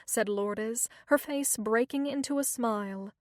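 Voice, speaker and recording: A woman narrating a thriller audiobook in a steady, measured reading. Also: a little high, no echo, studio quality. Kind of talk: scripted narration.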